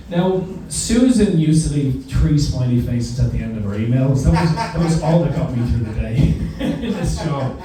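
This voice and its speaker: A man's voice: mid-range voice, lively intonation, moderate pace, few pauses, warm tone, distant mic. A young man doing a wry, self-deprecating stand-up set, swearing freely. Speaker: stand-up comedian. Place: comedy club stage with audience. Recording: roomy club sound with crowd laughter.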